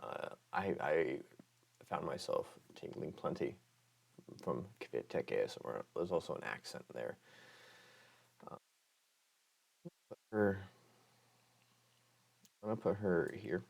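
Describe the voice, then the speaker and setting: A man's voice: low-pitched, animated, takes it slowly, creaky, pauses often, a little mellow, breathy edge. A young man hosting an ASMR channel, chatting casually about other creators, rambling and hesitant with many fillers, his voice sounding a bit off. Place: room with Pokemon items.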